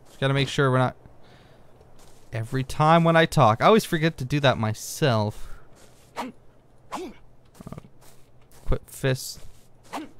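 Over a noisy background, a young man with a medium voice narrates a casual let's-play, wandering off-topic and losing focus. Things he finds on screen set off excited outbursts.

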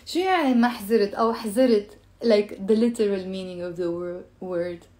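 A woman's voice: mid-range voice, fast, mellow. A woman with a Lebanese Arabic accent teaching a live-stream language lesson, playful and chatty, repeating phrases for her viewers.

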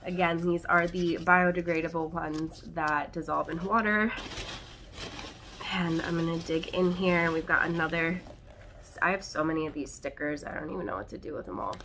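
A woman's voice: lowish voice, normal speed. A woman vlogging in her bedroom, talking chattily to viewers while her throat is scratchy and tickly from a cold. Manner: chatty and excitable, addressing viewers directly. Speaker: plant channel host. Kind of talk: casual unboxing vlog.

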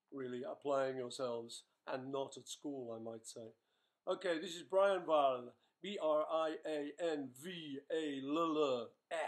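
An older man answering fan questions in a casual live webchat, playful and chatty as he reads each question aloud. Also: a little high.

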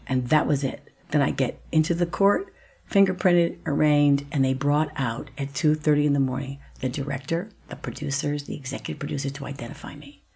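A woman telling a story as a podcast guest, acting out each voice and sinking to a whisper at times. Her voice sits low, with a gravelly fry and a husky grain. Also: fairly quick, dark tone. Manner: vivid storytelling, acts out voices, drops to a whisper. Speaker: guest actress.

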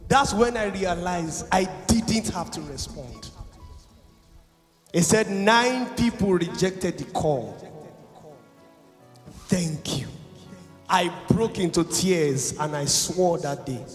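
A man preaching a fervent sermon, swinging between loud exhortation and hushed confession. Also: high-pitched, animated, takes it slowly. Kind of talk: impassioned sermon. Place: large university chapel. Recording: echoey hall with music behind.

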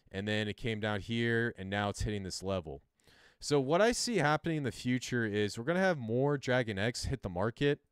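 A man's voice: medium pitch, clear, resonant tone, no echo, studio quality. A man hosting a livestream, casually explaining a chart he sketches as he goes, loose and chatty with some self-mocking asides. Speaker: crypto livestream host. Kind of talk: casual explainer while drawing on a screen.

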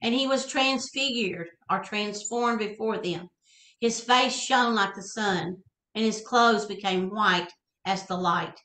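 A woman reading scripture aloud in a slow, soft, affirming way. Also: mid-range voice, reverberant, rough recording. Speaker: co-host.

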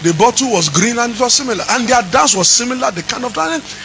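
A man preaching a sermon as pastor, chanting his lines and rising into shouts. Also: very high-pitched, lively intonation, fast, creaky, slight background noise, low-quality recording.

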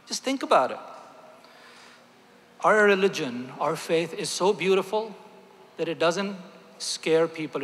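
A man's voice: a little high, a bit bright. A man, a physician, giving a rhetorical, emphatic speech with light jokes to a religious gathering in a large convention hall. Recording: long reverb of a large hall.

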